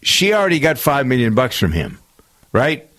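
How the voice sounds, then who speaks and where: A man's voice: medium pitch, huge pitch swings, moderate pace, a bit bright. A man hosting a talk radio show, counting down the week's stories in a loose, meandering way full of filler uhs. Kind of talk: casual radio chat.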